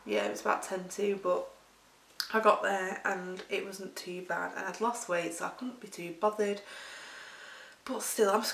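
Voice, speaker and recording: Her mid-range voice is gravelly yet fairly bright, with fairly even intonation and normal speed, and a little hiss or hum sits under the roomy, distant recording. She's a Lancashire weight-loss vlogger who chats and laughs through rambling stories.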